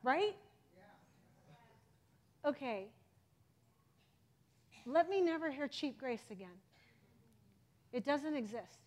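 High-voiced impassioned woman preaching. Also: lively intonation, slow pace, long pauses. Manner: impassioned, swings from loud exhortation to soft intensity. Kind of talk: sermon.

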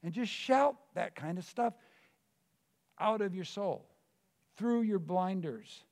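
A man preaching a sermon and leading a prayer, with rhythmic, repeated declarations that swing between hushed, intimate tones and loud exclamations. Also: high voice, animated, takes it slowly. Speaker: pastor.

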